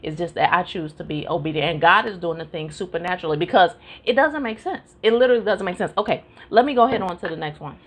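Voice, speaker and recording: A woman teaching a live-streamed Bible study in an animated, preacherly way, calling out to her listeners and urging them on. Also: lowish voice, fast talker, hardly any pauses, husky. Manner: animated, preacherly call-and-response.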